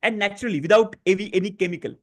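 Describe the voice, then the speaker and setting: A man guiding a live online stress-relief session, speaking gently with many fillers and restarts. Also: high-pitched, rapid-fire. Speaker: stress-relief workshop facilitator. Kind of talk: guided tapping session on a live online class.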